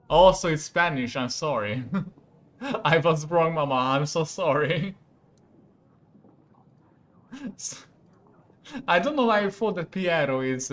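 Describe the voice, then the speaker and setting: A young man from Hungary with a Hungarian accent, casually commenting on a game stream, laughing a lot and joking at himself. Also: mid-range voice. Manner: giggly, self-mocking, laughs often. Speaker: vtuber streamer.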